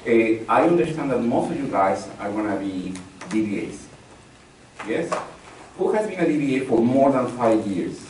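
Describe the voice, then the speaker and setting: A man's voice: mid-range voice, lively intonation, normal speed, a little mellow. Distant man teaching in an echoey room. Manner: conversational, repeats key phrases, polls the audience. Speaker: instructor. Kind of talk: live technical training. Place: large training room with live audience. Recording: very echoey room from far off, faint noise.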